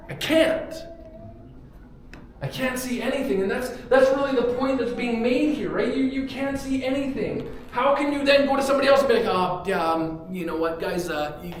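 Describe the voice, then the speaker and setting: A male pastor preaching a casual, joking sermon in a church, with props and sudden bursts of loud emphasis. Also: sits high. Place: church sanctuary. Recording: very echoey room, faint background hum.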